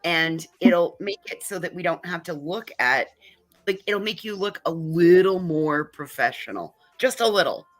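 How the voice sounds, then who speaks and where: A woman chatting playfully on a livestream panel and handing out advice. Her voice sits fairly low but moves around with lots of lift and fall. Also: animated, moderate pace. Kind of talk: casual chat.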